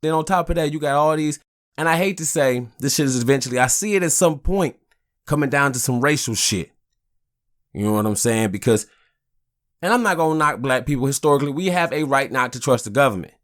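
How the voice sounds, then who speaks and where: Pissed off guy ranting on his podcast, swears constantly, mid pitch. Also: animated, a little fast, fairly bright tone. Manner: angry, profane, keeps saying "you know what I'm saying". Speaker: podcast host. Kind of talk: casual ranting monologue.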